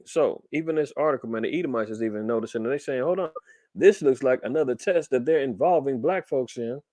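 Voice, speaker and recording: Male commentary host, mid pitch, dry close sound, reads news aloud and then fires off rhetorical questions. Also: a little mellow, no echo. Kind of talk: casual commentary reading articles aloud.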